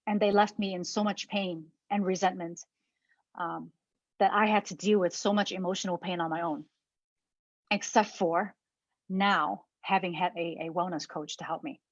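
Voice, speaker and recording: A woman giving a personal talk, halting and repeating words, holding back tears. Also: on the low side, steady tone, dry recording, highs cut off. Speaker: speaker.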